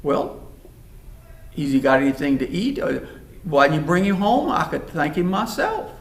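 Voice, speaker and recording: A man's voice: on the high side, very animated, moderate pace, creaky. A man voicing a hospitable older father, folksy and kind. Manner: folksy, warm-hearted drawl. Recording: roomy hall, mic far off.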